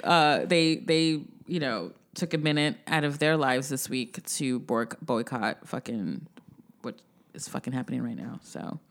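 A woman's voice: a bass voice, a little slow. A woman from New York co-hosting a casual chat, enthusiastic and profane, often laughing. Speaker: podcast co-host.

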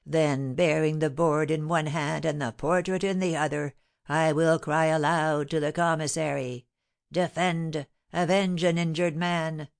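A mournful, timid middle-aged porter, read by a woman, moaning his woes slowly and heavily. His speech drags in low, drawn-out phrases. It comes across as a storybook reading. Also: steady tone, creaky. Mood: doleful. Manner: moaning, dolorous.

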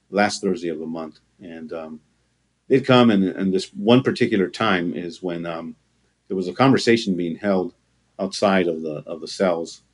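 A man giving an earnest personal testimony in an interview, halting and full of fillers. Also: deep voice. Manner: halting, with frequent fillers and restarts; earnest, with occasional laughter. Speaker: interview guest.

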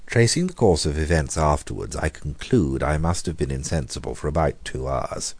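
A man narrating a horror story in a measured, grave reading, slowing down for dramatic moments. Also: very deep voice, lively intonation, darkish tone, husky, no room sound. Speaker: audiobook reader.

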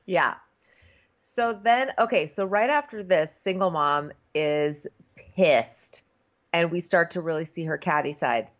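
A woman's voice: fairly low pitch, unhurried, highs cut off. A woman co-hosting a casual chat, sarcastically recapping a reality show and acting out the contestants. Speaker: podcast co-host.

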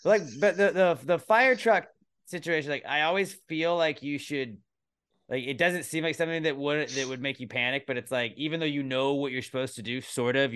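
Rambling, bright-voiced male podcast host. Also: medium pitch, clean tone, no room sound, clean studio sound. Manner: rambling, heavy on filler words. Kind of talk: casual comedy chat.

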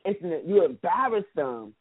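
A man co-hosting a casual chat who talks in an animated way, laughs often and acts out quotes. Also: sits high, a little slow, breathy edge, dry recording. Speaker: podcast co-host. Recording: tinny phone-like audio.

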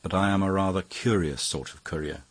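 A man's voice: low voice, a little fast, slightly rough, no room sound. A man voicing a grave young Italian futurist who talks with earnest, declaiming conviction. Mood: enigmatic.

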